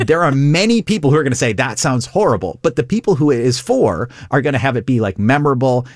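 Lively comedian man, dry close sound. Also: mid-range voice, quick pace, dry recording. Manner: animated, laughing, acts out quoted lines. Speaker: comedian guest. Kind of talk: conversational interview.

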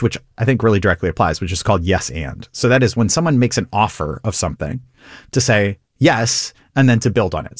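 A man, a comedian, talking through an interview in an animated way, laughing and acting out quoted lines. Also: on the low side, no echo, studio quality. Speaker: comedian guest. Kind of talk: conversational interview.

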